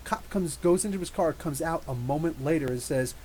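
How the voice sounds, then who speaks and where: A man in his thirties hosting a live podcast, reading out chat messages and rambling animatedly with quick asides and frequent laughs. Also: on the high side, a little mellow, husky, low-quality recording. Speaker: podcast host. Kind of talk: live stream chat reading super chats.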